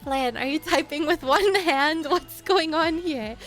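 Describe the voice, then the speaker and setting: A young woman with a high, light voice chats on a live stream, rambling from one tangent to the next and laughing often. She stops mid-story to greet viewers by name, all over soft background music. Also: measured pace.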